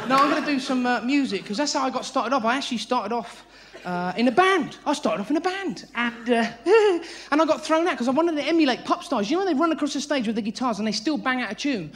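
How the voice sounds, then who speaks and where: A high-pitched man performs frantic, high-energy stand-up comedy. He swears freely and acts out voices. The stage mic catches a live theatre crowd laughing behind him. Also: expressive, fast, few pauses, fairly bright tone. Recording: live theatre recording with audience noise.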